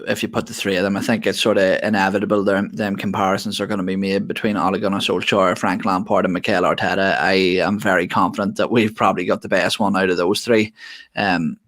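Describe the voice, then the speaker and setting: An Irish man with a lowish voice chats easily on a podcast. He agrees readily and often sounds amused. He keeps a relaxed, informal tone. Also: no echo. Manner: agreeable, easygoing, quick to laugh. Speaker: podcast co-host. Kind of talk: casual podcast chat.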